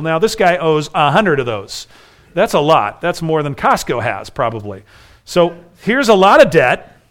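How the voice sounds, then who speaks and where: A middle-aged man preaching a sermon, telling a story with animated voices for the figures. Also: on the high side. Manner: animated storytelling, acts out dialogue. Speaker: pastor.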